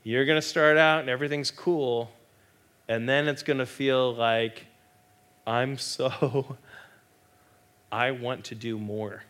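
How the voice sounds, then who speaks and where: Male pastor, middle-aged, bright tone; animated, joking sermon delivery with acted-out quotes. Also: medium pitch, slow pace, long pauses. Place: church.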